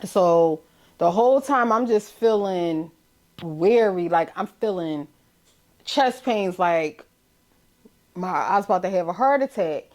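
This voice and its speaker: A middle-aged woman with a Philadelphia accent speaks as a grieving mother in a documentary interview, her account halting, emotional, and full of restarts. Her voice is lowish and darkish in tone, yet her intonation stays lively.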